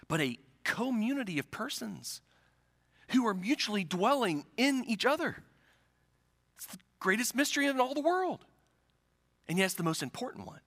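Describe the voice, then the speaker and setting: A man's voice: sits high, a bit bright, long reverb tail. A middle-aged male pastor preaching a sermon, telling stories and asking rhetorical questions, in a church sanctuary.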